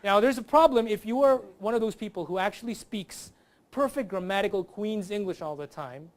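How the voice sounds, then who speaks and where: Man, comedian guest, lively stand-up delivery. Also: high voice, brisk. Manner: lively, does accent impressions. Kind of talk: stand-up comedy bit on a talk show.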